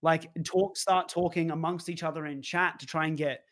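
A man's voice: a little high, fairly even intonation, normal speed, fairly bright tone. A man, casually chatting to his livestream audience, swearing now and then. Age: 20s. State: out of breath. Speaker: streamer.

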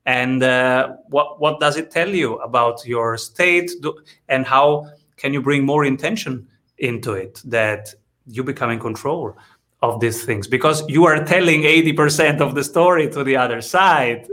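Male interview host, slow and measured, slightly high voice. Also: fairly bright tone. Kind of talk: interview conversation.

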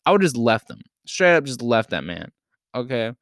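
A young man telling a story in casual chat, profane and animated, shouting when he retells what was said. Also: mid-range voice, normal speed, no room sound, clean studio sound.

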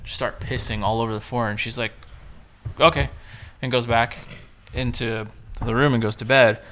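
A man's voice: medium pitch, flat delivery, brisk, fairly bright tone, a little hiss or hum. A man chatting casually with friends on a podcast, telling a rambling, profane story full of quoted asides. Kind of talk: casual chat among friends.

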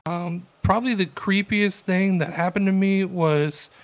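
A man's voice: sits high, fairly even intonation, a little slow. A young man co-hosting a podcast, telling a rambling, laid-back story full of fillers. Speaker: podcast co-host. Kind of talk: casual storytelling chat.

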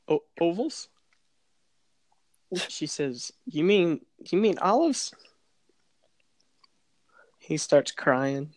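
A young man telling a funny story in casual chat, animated and laughing as he acts out the people in it. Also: on the high side, no room sound, studio quality. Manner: animated, laughing, acts out voices in his stories.

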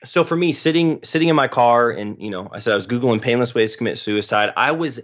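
A man's voice: medium pitch, fast, a bit bright. A man in his late twenties telling his personal story as a podcast guest, earnest and emotional, with phrases tumbling over each other. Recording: dull lo-fi recording.

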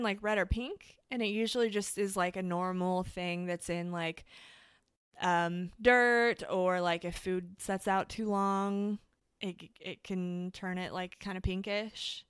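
Woman, podcast co-host, casual chat, smooth clear voice, dry close sound. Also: medium pitch, a bit bright, no echo. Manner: chatty, fillers, many "like"s.

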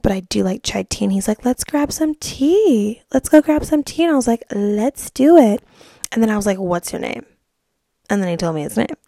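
A woman's voice: medium pitch, vocal fry, a little mellow, dry recording, studio quality. A young woman hosting her podcast, telling a dating story in a gossipy, chatty way with lots of "like"s. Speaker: podcast host. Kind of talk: casual chat.

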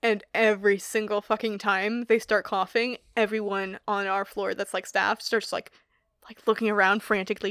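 A woman's voice: medium pitch, little pitch movement, normal speed, a bit bright, clean tone, dry recording, clean studio sound. A young woman chatting casually, rambling with many fillers and frequent laughter. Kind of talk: casual chat.

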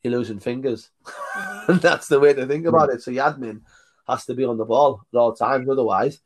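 A man's voice: mid-range voice, fairly quick. A man, a tour leader and podcast guest, telling blunt stories and laughing between his points. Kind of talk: casual podcast storytelling.

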